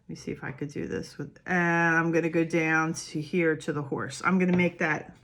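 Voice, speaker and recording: A woman's voice: sits low, level tone, fairly bright tone. A woman preschool teacher reading a picture book and explaining worksheets, patient and encouraging, asking the little ones questions as she goes. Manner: slow, patient and encouraging, asks the children questions. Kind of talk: reading a picture book and walking through worksheets for small children.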